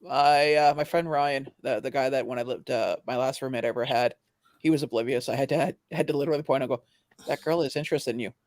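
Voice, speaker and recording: A man's voice: mid-range voice, steady tone, fast, darkish tone, no room sound, clean studio sound. A man hosting a casual livestream chat, rambling with frequent restarts and easy laughter. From Canada. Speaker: livestream host.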